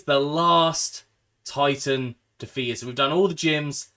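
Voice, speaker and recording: A man's voice: fairly high pitch, takes it slowly, sharp tone. A man giving casual, heartfelt gameplay commentary as a channel host, rambling and trailing off into fillers. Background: game music.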